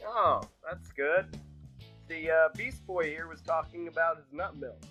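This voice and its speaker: A player in a casual tabletop game, talking in a jokey, animated way with fillers. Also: medium pitch, unhurried, soft background music. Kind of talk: casual tabletop role-play.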